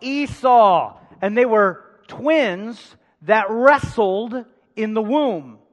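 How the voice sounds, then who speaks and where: A man preaching a sermon, calling out to the congregation for responses and swinging between loud emphasis and hushed asides. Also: high voice, animated, takes it slowly. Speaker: pastor. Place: large church hall. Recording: long hall reverb.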